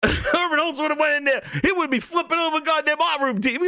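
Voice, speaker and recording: A male host with a very high, bright voice, ranting and laughing through casual video commentary. His pitch swings widely as he curses and riffs, and the recording is dry and close with no room around it. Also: fast talker, hardly any pauses, no echo. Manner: profane, laughing, animated ranting.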